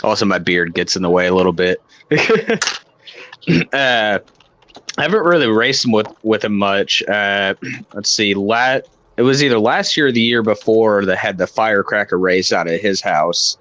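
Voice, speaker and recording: Low man with a mild Southern twang. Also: moderate pace, a bit bright, lo-fi sound. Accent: mild Southern, East Tennessee. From Illinois. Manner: easygoing, laughs lightly, hesitant fillers. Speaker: guest caller. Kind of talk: casual chat. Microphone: video call.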